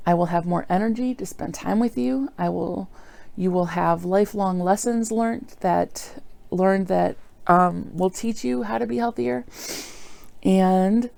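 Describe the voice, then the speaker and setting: A woman's voice: lowish voice, creaky, dark tone, no room sound. A middle-aged woman talking earnestly and apologetically in a rambling personal video diary, full of fillers. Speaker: vlogger.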